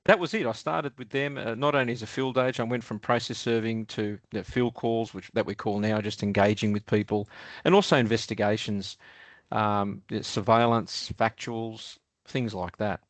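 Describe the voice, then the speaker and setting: In a casual storytelling interview, an Australian man of about sixty rambles loosely through his stories as a podcast guest, full of ums, restarts and chuckles. His voice is fairly low and fairly even in intonation, at normal speed, with no room sound.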